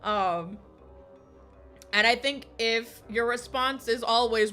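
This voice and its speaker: A woman's voice: on the high side, slow, pushed and bright, soft background music. A woman streamer chatting casually while gaming, swearing constantly and laughing often as she rants. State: recovering from illness.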